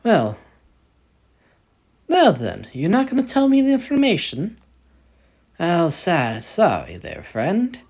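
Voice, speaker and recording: A man's voice: high voice, wildly swooping pitch, slow pace, pauses often, darkish tone, pitched above the performer's own voice, exaggerated voice. A man doing a sadistic mafia woman. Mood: menacing. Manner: smooth, taunting, attempted Italian-American mobster voice. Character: sadistic young female mafia enforcer, calm menace.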